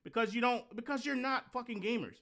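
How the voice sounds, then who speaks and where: A man hosting a reaction commentary, talking bluntly and scornfully with lots of swearing and sudden animated rants. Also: very high voice, fast. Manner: animated rants with mocking outbursts. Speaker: host.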